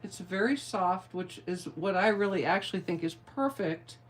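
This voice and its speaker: A woman's voice: lowish voice, expressive, moderate pace. Chatty middle-aged woman demonstrating crafts. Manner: chatty, playful, rambling asides. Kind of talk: card-making tutorial.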